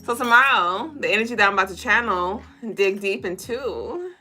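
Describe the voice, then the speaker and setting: A woman hosting a casual spiritual reading livestream, talking straight to viewers in a loose, profane, animated way. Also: medium pitch, normal speed. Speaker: spiritual reader and co-host.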